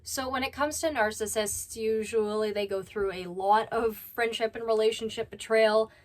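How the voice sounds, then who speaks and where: Woman commentary host, slightly high voice, blunt and scolding. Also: fairly even intonation, normal speed. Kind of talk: reaction commentary.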